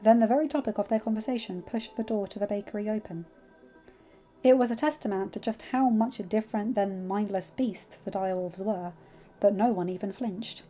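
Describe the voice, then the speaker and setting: A woman narrating a fanfiction story in an expressive, dramatic reading. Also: mid-range voice, brisk. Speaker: fanfiction reader. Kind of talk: scripted narration. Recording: dull lo-fi with faint music.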